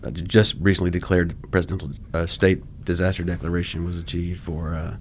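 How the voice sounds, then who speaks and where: A man who is the state's flood insurance program coordinator, speaking as a guest in a measured, hesitant way with many fillers. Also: low voice, little pitch movement, slight background noise. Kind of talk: casual conversational interview.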